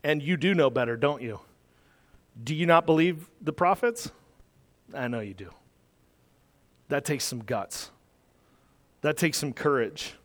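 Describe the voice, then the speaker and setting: High-voiced animated preacher in a hall. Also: male voice, a little slow, long pauses. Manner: animated, acts out quoted voices. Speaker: pastor. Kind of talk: sermon.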